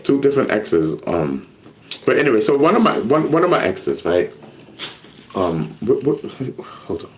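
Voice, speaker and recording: A man's voice: mid-range voice, very animated, moderate pace, a little hiss or hum. A man telling a rambling story to his viewers, repeating words and acting out what others said. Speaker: YouTube personality.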